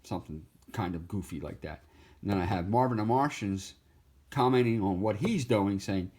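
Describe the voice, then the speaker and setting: Easygoing low-voiced man touring his sketchbook. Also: moderate pace, darkish tone, husky. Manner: easygoing, laughs, jumps into goofy voices. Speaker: artist showing his sketchbook. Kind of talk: casual sketchbook tour.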